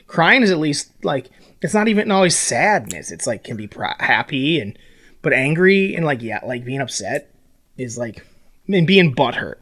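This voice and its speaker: A man's voice: fairly high pitch, normal speed. A young man co-hosting a casual podcast, ranting about sports with swearing and mocking put-on quotes. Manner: animated, swearing, mocking impressions. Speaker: podcast co-host.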